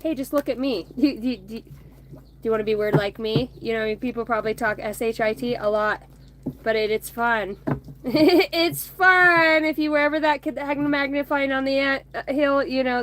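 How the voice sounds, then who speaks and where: A woman's voice: fairly high pitch, fairly even intonation, brisk, a little hiss or hum. A woman in her thirties hosting a casual card-reading chat on a phone outdoors, rambling, swearing and laughing between remarks. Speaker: oracle card reader streaming to viewers. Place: outdoors by a bonfire at home.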